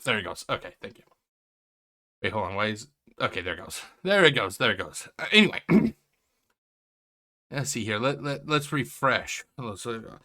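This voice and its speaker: With a bright, forceful, medium-pitched voice, this home-based react channel host speaks at a moderate pace in a sing-song way, pausing often. His indoor casual commentary wanders, drips with sarcasm, and cuts itself off repeatedly.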